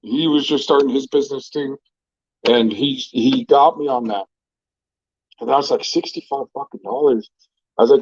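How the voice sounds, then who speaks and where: A man's voice: medium pitch, normal speed, gravelly, pauses often, darkish tone, slightly rough, no room sound. A man tells stories in a loose, meandering way, full of fillers and swearing. The recording is dry and a little dull, with no room sound around him. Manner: laid-back, profane, rambling with many fillers. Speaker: restaurant owner and vlogger. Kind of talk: casual storytelling.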